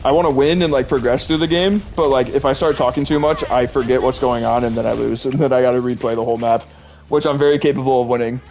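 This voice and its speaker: A man's voice: medium pitch, fairly even intonation, fast talker, darkish tone. A man streaming live, chatting casually and rambling with lots of "like" and frequent laughter while he plays a game. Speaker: Twitch streamer. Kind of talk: casual chat while gaming.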